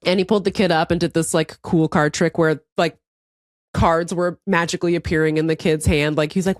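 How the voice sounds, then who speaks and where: A woman's voice: on the low side, moderate pace, no echo, clean studio sound. A woman co-hosting a casual comedy podcast, telling a story with lots of laughs and acted-out quotes. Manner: animated storytelling, laughs often; swears casually, acts out quotes. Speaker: podcast co-host.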